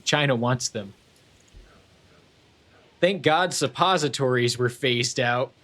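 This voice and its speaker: A man's voice: mid-range voice, slow, sharp tone. A man streaming a video game from home, chatting casually and rambling off on tangents while reading chat aloud.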